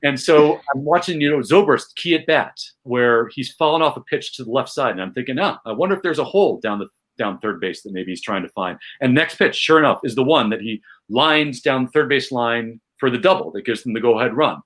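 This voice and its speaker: Excitable man telling a sports story. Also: mid-range voice, a little fast, hardly any pauses. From Chicago, USA. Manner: animated, builds tension, self-mocking. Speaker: podcast guest, comedian. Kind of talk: casual storytelling chat.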